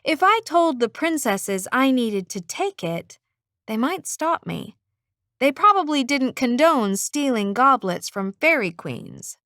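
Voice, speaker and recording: Brief: woman audiobook narrator, slow and lively, bit higher voice, dry close sound. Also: dry recording. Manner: expressive, character-voiced reading. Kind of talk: first-person fiction narration.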